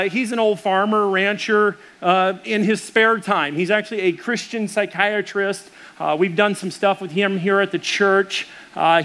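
A man's voice: high voice, fairly bright tone. A middle-aged man preaching a sermon as pastor, telling stories in a casual way with many fillers.

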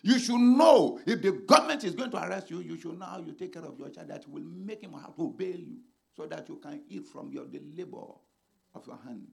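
A man's voice: fairly high pitch, animated, fairly quick, gravelly. Fiery preaching man. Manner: dramatic, swings between shouting and hushed speech. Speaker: pastor. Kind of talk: sermon.

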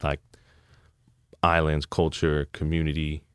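A man in his thirties from California, a podcast guest talking in a relaxed, heartfelt, reflective way. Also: very deep voice, measured pace, clear, resonant tone, no room sound, studio quality. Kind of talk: casual podcast chat.

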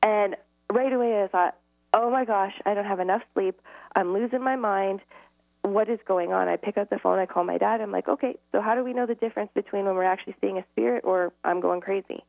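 A woman's voice: mid-range voice, brisk, creaky, no echo. A middle-aged woman, a guest, telling stories earnestly, acting out dialogue and laughing often. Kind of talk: casual interview storytelling. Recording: tinny phone-line audio, dry.

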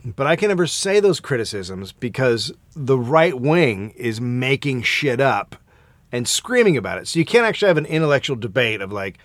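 A man co-hosting a podcast in casual comedic chat, profane and quick to mock other people's voices. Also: mid-range voice, no echo. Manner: profane, animated, mocks voices in quotes. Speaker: podcast co-host.

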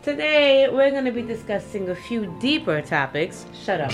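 A woman's voice: mid-range voice, expressive, normal speed, few pauses, loud music behind the voice. A young adult woman co-hosting a podcast in casual chat, brash and profane, laughing often and mocking people in silly voices. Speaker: podcast co-host.

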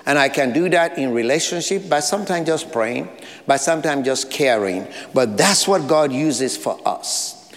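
A man's voice: a little high, animated, a little slow, long reverb tail. A man with an African accent, preaching a sermon as pastor, earnest, with short repeated phrases and light asides. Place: church sanctuary.

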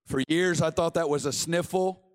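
A man's voice: fairly high pitch, fairly even intonation, normal speed. A man preaching a sermon in a church, fervent and driving his points home by repeating phrases. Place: church sanctuary.

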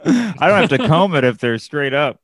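A man's voice: fairly high pitch, big pitch swings, no echo, studio quality. A man in casual comedic chat, tossing out punchlines and jokes. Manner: wisecracking, quick with punchlines.

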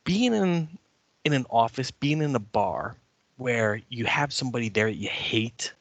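Animated American man, bright voice. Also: mid-range voice, a little slow, dry recording. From United States. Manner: animated, acts out quotes with loud shouting. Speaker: podcast co-host. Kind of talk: casual chat.

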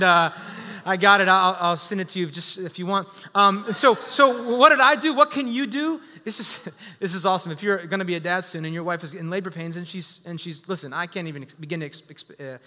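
High, bright-voiced preaching man. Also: big-room sound. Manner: energetic, jokey, calls for congregation responses. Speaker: pastor. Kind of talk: sermon. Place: church sanctuary.

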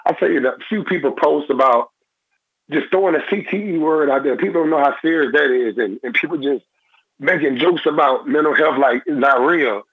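A young man, a former football player, talking in a phone-in interview in halting, repetitive phrases. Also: a little high, breathy edge, dry recording. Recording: tinny phone line.

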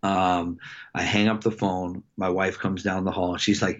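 A middle-aged man, a coach, telling a personal story in a casual interview, halting with many fillers and restarts. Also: low-pitched, level tone. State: emotional. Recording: dull lo-fi sound.

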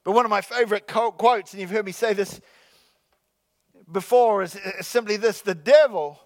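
A man preaching a sermon to his congregation, joking with the crowd and slowly repeating his key lines. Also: sits high, no room sound. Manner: jokey, repeats key lines slowly, calls out "come on, somebody". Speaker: pastor. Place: church sanctuary with congregation.

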